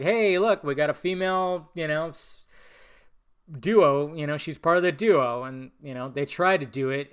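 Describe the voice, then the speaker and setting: A man hosts a casual solo podcast and reads out viewer questions, answering them off the cuff. His voice sits a little high for a man. He rambles and talks bluntly, swears casually, and often trails off into a quiet mutter. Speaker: podcast host.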